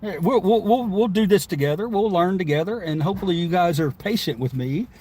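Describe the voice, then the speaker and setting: A man's voice: sits high, lively intonation, fairly quick, darkish tone, husky. A man live streaming from inside his car, reading viewer chat aloud and answering it in a rambling, chatty way with frequent laughs.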